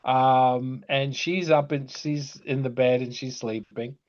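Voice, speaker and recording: An older man co-hosting a podcast as the father, telling a story in an unhurried way with fillers and chuckles. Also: mid-range voice, steady tone, muffled recording. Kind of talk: casual storytelling chat.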